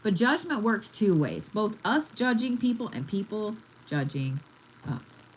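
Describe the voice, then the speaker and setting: A woman's voice: mid-range voice, very animated, a little slow, a little hiss or hum, poor audio. A woman giving a casual card reading, chatty and blunt, swearing freely as she talks. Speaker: tarot reader.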